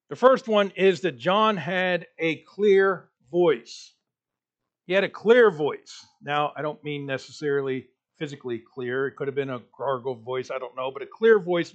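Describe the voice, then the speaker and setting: A man preaching a sermon in a church, delivering it with rising emphasis and pauses. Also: fairly high pitch, dull audio. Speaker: pastor.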